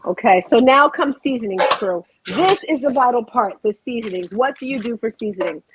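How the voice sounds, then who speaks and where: A woman's voice: on the high side, lively intonation, normal speed. Chatty woman cooking-show host, noisy kitchen. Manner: chatty, rambling, talks to viewers. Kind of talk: casual chat while cooking.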